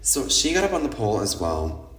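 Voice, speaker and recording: A man hosting a podcast, telling nightlife stories in a lively, casual monologue that is full of swearing, and acting out what other people said. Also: on the low side, brisk. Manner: animated, swears freely, acts out quoted people. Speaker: podcast host. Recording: roomy echo.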